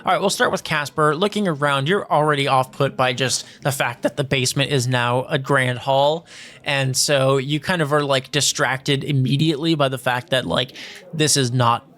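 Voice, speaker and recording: A man's voice: medium pitch, normal speed, a bit bright. A man narrating scenes as game master of a tabletop role-playing game, describing at length with many fillers.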